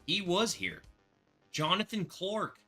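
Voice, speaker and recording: Excitable man hosting a bourbon livestream. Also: sits high, takes it slowly, soft background music. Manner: excitable, rambling, thanks viewers by name. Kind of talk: casual livestream chat.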